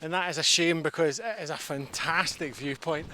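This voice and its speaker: Scottish man, out of breath, bright forceful voice, joking while climbing, windy hillside, faint noise. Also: fairly high pitch, normal speed. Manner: jokey, self-mocking while climbing. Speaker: hillwalking vlogger. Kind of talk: casual outdoor vlog chat. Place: outdoors on a windy mountain. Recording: outdoor action camera with faint background noise.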